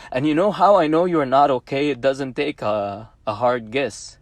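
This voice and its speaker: A man's voice: medium pitch, normal speed, no echo, faint music behind. A man in his thirties from Egypt, speaking English with an Egyptian accent, whose native language is Arabic. He delivers an emotional personal monologue, pleading and defiant, and repeats phrases for emphasis.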